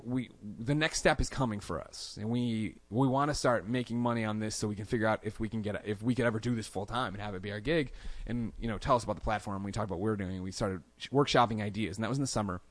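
A man speaking as a podcast guest, racing through his stories at a brisk clip. He tells them casually and animatedly, and he jumps into quoted lines in a raised voice. His voice sits in a mid range and comes through dry and close on a studio mic. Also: mid-range voice, a bit bright, dry recording. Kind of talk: casual storytelling interview.

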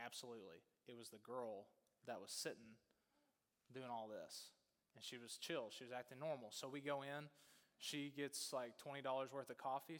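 A man preaching, telling a story in a casual, animated way with many fillers. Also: medium pitch, in a large hall. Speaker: pastor.

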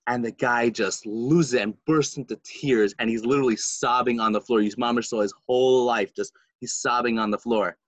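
A man hosting a casual chat, telling stories excitedly, often laughing, with Yiddish words. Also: mid-range voice, normal speed, hardly any pauses, dry recording.

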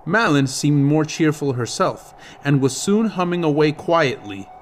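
A man reading a fantasy novel aloud as an audiobook narrator, in a steady, measured storytelling manner. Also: a little high, a little hiss or hum. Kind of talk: scripted narration.

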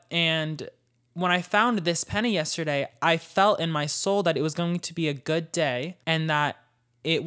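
Woman podcaster rambling through a story, lots of "like", swears a bunch, super animated. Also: low-pitched. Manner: chatty, animated, swears freely, many fillers. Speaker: podcast host. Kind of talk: casual storytelling.

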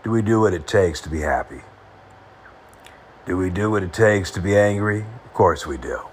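A man talking earnestly to the camera in short, halting phrases, reflecting on happiness. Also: low voice, lively intonation, slight background noise.

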